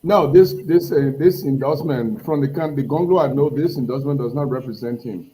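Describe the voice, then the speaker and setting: A man's voice: medium pitch, warm tone, a little hiss or hum, poor audio. A man speaking as a party member guest on a political talk show, arguing his point with frequent restarts. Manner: halting, repeats words as he argues. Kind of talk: political debate on a call.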